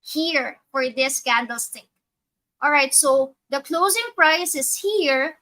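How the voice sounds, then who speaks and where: Bright, slow-talking woman trading educator. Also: high-pitched, rough recording. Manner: methodical, thinks aloud with fillers and self-corrections. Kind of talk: live trading walkthrough.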